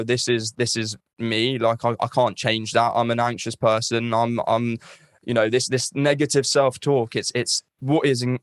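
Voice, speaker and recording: A man hosts a podcast conversation in a reflective, searching way, often pausing on fillers and restarting his sentences. His voice sits at a middle pitch. The sound is dry and close-miked. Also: no room sound. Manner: thoughtful, many fillers and restarts. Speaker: podcast host.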